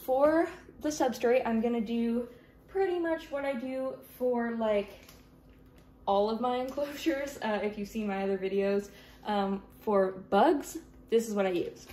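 A woman's voice: a little high, measured pace, warm tone, slight background noise. A young woman chatting casually in a vlog as she sets up a pet enclosure, apologetic and a little flustered. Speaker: reptile keeper vlogger.

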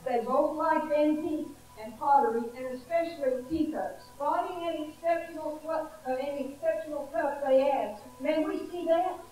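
High-voiced woman preaching a sermon. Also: normal speed, few pauses. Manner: emphatic, animated storytelling. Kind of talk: sermon with storytelling. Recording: echoey hall from far off.

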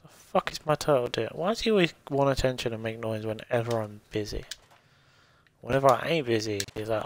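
A man's voice: mid-range voice, brisk, a little hiss or hum. A man casually commentating his own gameplay on a stream, thinking aloud and swearing freely. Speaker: game streamer.

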